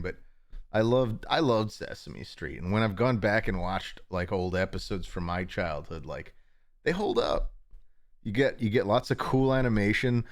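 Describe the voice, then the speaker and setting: A young man chats casually to his livestream audience from home. His voice sits on the low side, and he rambles, chuckles often and trips over his own restarts. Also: no echo, clean studio sound. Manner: rambling, chuckling, self-interrupting. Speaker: livestream host.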